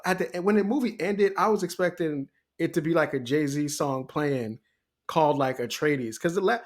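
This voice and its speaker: Excitable man chatting on a podcast. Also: high voice. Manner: animated, laughs often, gets excited. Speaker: podcast co-host. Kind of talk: casual podcast chat.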